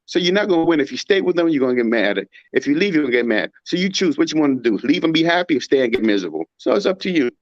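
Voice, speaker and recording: A man's voice: fairly high pitch, big pitch swings, rapid-fire, few pauses, dry recording. A man in casual talk giving emphatic, rhetorical opinions and mimicking others in a raised voice. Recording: dull muffled audio.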